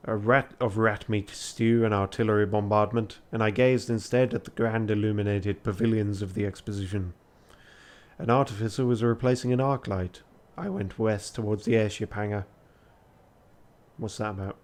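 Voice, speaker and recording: A man's voice: fairly low pitch, fairly even intonation, normal speed. Tired guy reading a text game on stream, laughs at himself a lot, swears. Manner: self-mocking, laughs often, swears. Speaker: charity streamer.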